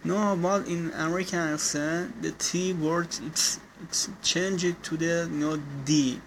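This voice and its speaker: A man with a slightly high voice gives casual feedback on someone's speaking, his English phrasing clearly non-native. He talks slowly and haltingly, breaking off and correcting himself again and again with "no." Faint background noise sits behind him. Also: steady tone, poor audio. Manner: halting, frequent restarts and self-corrections with "no". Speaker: listener giving speaking feedback.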